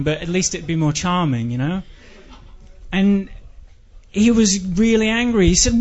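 A man with an English accent delivering a dry, rambling, self-deprecating comic monologue that breaks into shouted outbursts. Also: high voice, moderate pace. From England. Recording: dull lo-fi recording.

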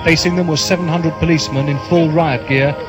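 A man giving measured, grave narration in a radio documentary style. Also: fairly high pitch, steady tone, over music.

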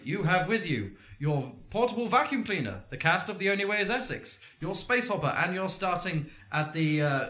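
A man's voice: a little high, a bit bright. A man hosting a comedic mock game show in a playful way, often laughing between lines as he reads out the rules.

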